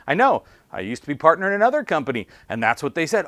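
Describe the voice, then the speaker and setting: This sales trainer talks fast in a mid-range voice, barely pausing, and the recording is dry. He throws out punchy rhetorical questions and animatedly acts out callers and salespeople.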